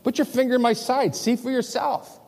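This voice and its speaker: A male preacher quoting Jesus in a gentle, pleading voice during a sermon. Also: very high voice, steady tone, normal speed, vocal fry, pitched above the performer's own voice, full character voice. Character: Jesus, gentle forgiving grown man. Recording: long hall reverb.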